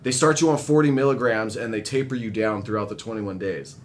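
A young man telling rambling, profane stories in casual chat, laughing often and growing animated as he retells them. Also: a little fast. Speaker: guest telling recovery stories. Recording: faint low rumble.

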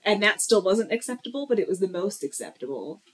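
A woman's voice: mid-range voice, very animated, brisk, low-quality recording. Wry joking woman chatting about a movie. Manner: wry, joking, laughs often. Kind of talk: casual chat about a movie.

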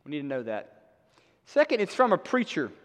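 A man's voice: a little high, huge pitch swings, normal speed. Man preaching in an echoing church. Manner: conversational, emphatic, wry asides. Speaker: pastor. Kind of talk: sermon. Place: church sanctuary. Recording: long hall reverb.

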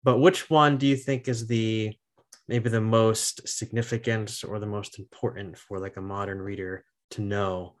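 A man's voice: lowish voice, steady tone, moderate pace. A male host asking questions in a casual, friendly, chatty way. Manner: friendly, laughs often, chatty. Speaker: podcast host. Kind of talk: casual interview.

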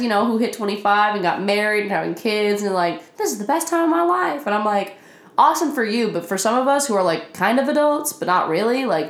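A woman in her twenties, her voice medium in pitch, records a casual confessional rant at home in her apartment, where the room echoes. She sounds tired, swears frequently, and laughs at herself throughout the self-deprecating vlog.

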